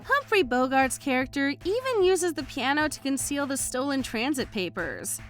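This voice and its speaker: A woman's voice: sits high, very animated, normal speed, fairly bright tone, soft background music. A woman doing scripted voice-over narration for a countdown, upbeat and emphatic.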